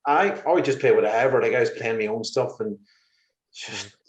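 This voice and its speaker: A musician guest on an interview, this man chats casually, telling lively, exasperated anecdotes and laughing along the way. His voice is medium-pitched at a moderate pace, and the recording sounds roomy and slightly muffled.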